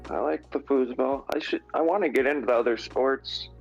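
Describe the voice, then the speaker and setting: Gravelly laid-back man, muffled sound. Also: medium pitch, a little fast, soft background music. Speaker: podcast co-host. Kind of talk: casual chat.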